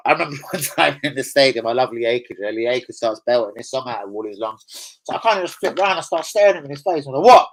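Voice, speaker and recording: A man's voice: medium pitch, animated, fast, low-quality recording. A young man, casually chatting and swearing as he hosts a live stream and answers viewers. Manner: swearing, chatty, laughs often, answers chat.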